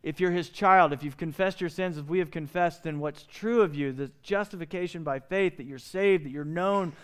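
A man's voice: fairly high pitch, normal speed, clean tone. A middle-aged male pastor delivering a sermon, pleading and impassioned, with many rhetorical questions.

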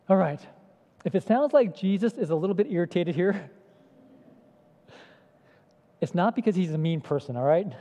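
High-voiced pastor preaching in an echoey hall. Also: male voice, expressive, normal speed, pauses often, warm tone. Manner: conversational, asks the congregation questions. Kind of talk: sermon. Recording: echoey hall, dull lo-fi sound.

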